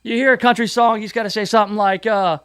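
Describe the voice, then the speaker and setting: A man's voice: high-pitched, steady tone, racing. A man hosting an afternoon radio show, joking around in studio banter and slipping into hammy country DJ voices. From Memphis area. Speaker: radio host. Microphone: studio mic.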